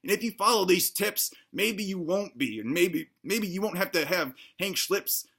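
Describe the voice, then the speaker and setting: A man's voice: high-pitched, animated, moderate pace, vocal fry, fairly bright tone, husky, exaggerated voice. A man playing a bumbling, self-assured cop who gives absurd advice, rambling and stammering in a mock-earnest way. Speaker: comedic self-help presenter. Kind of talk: deadpan comedy sketch.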